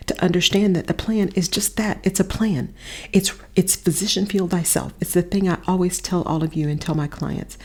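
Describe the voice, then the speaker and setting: A woman coach speaks in a husky, slightly low voice, earnest and emphatic. She repeats phrases for weight and sometimes sinks into a breathy near-whisper while reflecting. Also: steady tone, moderate pace, darkish tone. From Texas. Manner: earnest, emphatic repetitions, drops to a whisper at times. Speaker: podcast host and coach. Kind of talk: reflective motivational monologue. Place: a friend's house, not her usual space. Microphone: different setup than usual.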